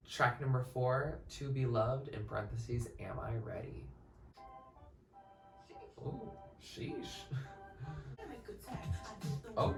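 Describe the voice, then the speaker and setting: A young man giving casual, excitable reaction commentary as a music reaction host, now and then singing snippets along. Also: medium pitch, creaky. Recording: roomy, a bit distant from the mic, faint music.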